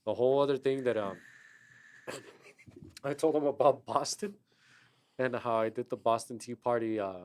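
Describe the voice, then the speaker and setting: A man's voice: mid-range voice, fairly even intonation, normal speed, long pauses, darkish tone. A man from Los Angeles hosting a podcast, chatting casually and telling profane stories full of quoted asides. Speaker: podcast host. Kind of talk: casual chat.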